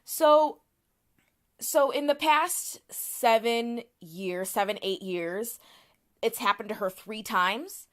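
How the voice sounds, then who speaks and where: A woman's voice: a little high, slow, fairly bright tone. A woman co-hosting a podcast, explaining a topic in casual chat with frequent restarts and fillers. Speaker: podcast co-host.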